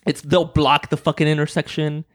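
A man, co-hosting a casual podcast chat and ranting about drivers in an animated, sweary way that keeps turning shouty. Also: fairly high pitch, normal speed. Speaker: podcast co-host.

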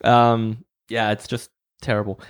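A man, co-hosting a casual podcast chat and ranting about drivers in an animated, sweary way that keeps turning shouty. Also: lowish voice, measured pace, clear, resonant tone. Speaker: podcast co-host.

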